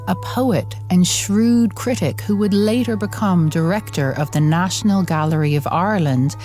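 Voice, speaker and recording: A woman reading a scripted documentary narration in a measured, deliberate way, with soft music underneath. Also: fairly low pitch.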